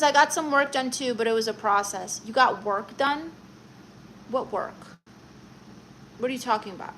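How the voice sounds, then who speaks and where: A woman's voice: fairly high pitch, normal speed, long pauses, a bit bright, a little hiss or hum, poor audio. Chatty woman hosting a livestream. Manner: chatty, reads viewer comments aloud and answers them. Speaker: livestream host. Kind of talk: casual live-stream chat.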